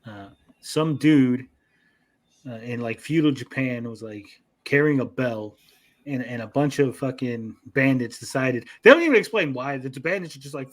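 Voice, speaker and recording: A man's voice: mid-range voice, moderate pace. Profane man retelling anime scenes. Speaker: podcast host. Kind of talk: casual chat.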